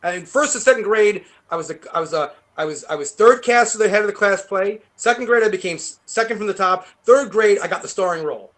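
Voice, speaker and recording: A man's voice: sits high, quick pace, few pauses, fairly bright tone. A man, a guitarist guest in a casual interview, rambling, swearing and laughing as he tells stories. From New York. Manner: swearing, rambling storyteller who laughs often.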